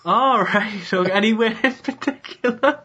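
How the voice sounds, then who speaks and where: High-voiced Cockney man chatting. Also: a little hiss or hum. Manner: animated, laughs often, quick restarts. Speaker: podcast co-host. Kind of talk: casual chat.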